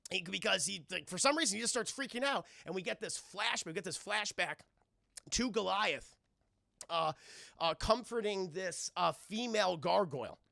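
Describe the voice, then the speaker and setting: A man recaps a cartoon for his live-stream chat, animated and profane. His voice sits high, with a heavy gravelly rasp and a bright edge. The sound is dry and close. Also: moderate pace, no echo. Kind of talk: casual live-stream commentary.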